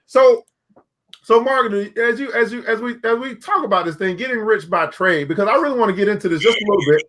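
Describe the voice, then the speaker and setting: A man with a high, bright voice hosts a casual talk show about business. He speaks in a folksy, preachy way, circling back and repeating phrases for emphasis. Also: quick pace. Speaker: show host.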